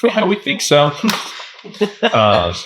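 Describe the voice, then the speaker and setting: A man co-hosting a podcast in casual chat, animated and laughing often, slipping into joke accents. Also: on the high side, extremely slow, a little hiss or hum. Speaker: podcast co-host.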